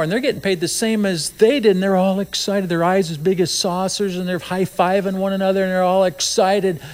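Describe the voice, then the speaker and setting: A man preaching a sermon in a conversational way, with asides and slow, emphatic phrases. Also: a little high. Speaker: pastor.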